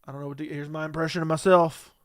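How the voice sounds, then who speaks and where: A man hosting a casual livestream, reading chat and firing back bluntly and dismissively. His voice sits a bit high and comes through crisp and clear. The sound is dry, with no room echo. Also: steady tone, fast, a bit bright.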